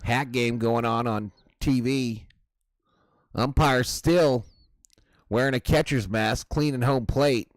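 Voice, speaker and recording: A man's voice: mid-range voice, takes it slowly, no echo, studio quality. A man hosting a live baseball watch-party stream, chatting casually with his viewers. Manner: chatty, addresses chat as "y'all".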